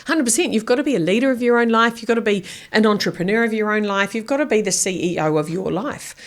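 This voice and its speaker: A woman's voice: medium pitch, fast. A middle-aged woman guest speaking bluntly and energetically, acting out little quoted exchanges as she talks. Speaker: guest, author and keynote speaker. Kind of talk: casual interview chat.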